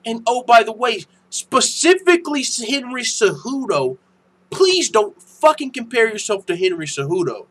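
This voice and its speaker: A young man hosting a casual MMA news channel, ranting in a profane, animated way that turns heated and loud. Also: extremely high pitch, breathy edge, low-quality recording. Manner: profane, animated, quick to get heated and shout.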